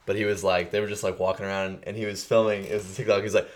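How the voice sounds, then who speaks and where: A man's voice: on the low side, flat delivery, racing. A young man co-hosting a casual podcast chat, joking and laughing as he acts out funny scenes. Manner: laughing, jokey, acts out bits in put-on voices. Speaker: podcast co-host.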